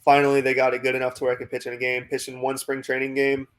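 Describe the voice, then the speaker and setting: This young man speaks in a steady, fairly level tone at a middle pitch, keeping the story loose and rambling. He keeps saying "like" and "you know" and slips into quoted back-and-forth with his coaches. It comes across as laid-back guest chat on a podcast. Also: very fast. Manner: acts out quoted coaches in dialogue. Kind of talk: casual storytelling interview.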